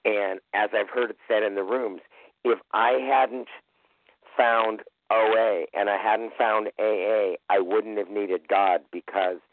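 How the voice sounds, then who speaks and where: A man giving an emotional, candid personal share on a recovery meeting call. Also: fairly low pitch. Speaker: meeting member sharing. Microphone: phone call. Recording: tinny phone line.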